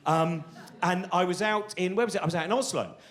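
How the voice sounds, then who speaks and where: A middle-aged comedian telling stand-up stories, excitable and acting out the voices of people in them. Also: male voice, high voice, a little fast. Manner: animated, excitable, acts out voices of people in his anecdotes. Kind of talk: stand-up storytelling.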